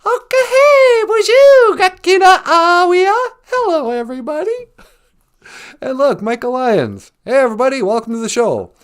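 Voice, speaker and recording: A woman's voice: very animated, normal speed. A woman co-hosting a comedy show, bubbly and giggly. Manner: bubbly, giggly, high energy. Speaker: co-host.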